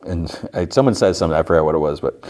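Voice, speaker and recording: A man's voice: low voice, racing, a little mellow. A man hosting a podcast, casually recapping a TV episode in a rambling way with plenty of fillers. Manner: rambling, lots of "like". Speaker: podcast host.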